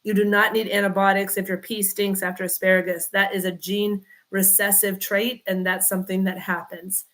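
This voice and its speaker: A woman's voice: medium pitch, flat delivery, moderate pace, few pauses, fairly bright tone. A woman, a chiropractor chatting casually on a livestream, rambling and greeting viewers by name. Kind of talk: casual livestream chat reading comments.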